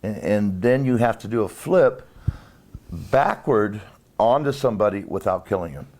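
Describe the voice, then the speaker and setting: A man, a former wrestler, telling stories in a casual interview, rambling and halting with many restarts. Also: lowish voice, animated, darkish tone.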